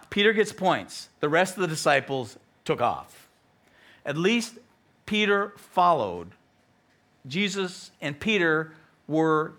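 A male pastor with an American accent preaching a sermon, telling the story with animated delivery and acted-out voices. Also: a little high. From United States.

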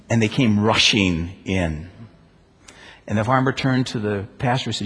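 A man preaching a sermon as pastor, asking rhetorical questions and moving between loud emphasis and quiet, hushed stretches. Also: fairly low pitch, moderate pace, slightly rough. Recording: long church reverb.

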